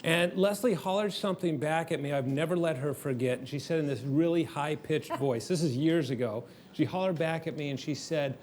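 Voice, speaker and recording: A man co-hosting a premarital counseling session, telling a lively story with laughter and then teaching. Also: on the high side, fairly quick, few pauses. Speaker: marriage counselor and co-host.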